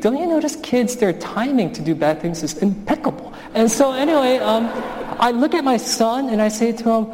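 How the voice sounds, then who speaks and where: A man's voice: high voice, sing-song, normal speed, darkish tone, slight background noise. A male pastor preaching a sermon in a conversational, storytelling manner. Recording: long hall reverb.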